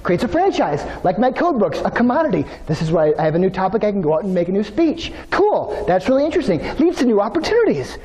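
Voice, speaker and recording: A man giving an energetic motivational keynote, telling stories and speaking straight to the audience. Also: high voice, fast, few pauses. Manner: energetic, storytelling, addresses audience directly.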